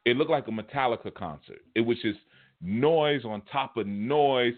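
A man teaching a spiritual class, telling stories in a casual, animated, colloquial way. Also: medium pitch, normal speed. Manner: animated, colloquial, chuckles mid-story. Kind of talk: casual storytelling lecture. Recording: phone-like narrow band audio.

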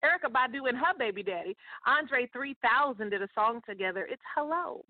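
A woman's voice: on the high side, lively intonation, brisk, no room sound. Chatty motivational woman on a tinny line. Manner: chatty, preachy, addresses listeners directly. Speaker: podcast host and success coach. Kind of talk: casual motivational talk. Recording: tinny phone-like line, dry.

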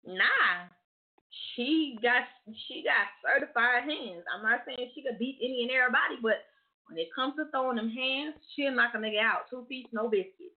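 A woman's voice: fairly high pitch, moderate pace. A woman co-hosting a call-in talk show, frank and profane in street slang. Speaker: co-host. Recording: tinny phone line.

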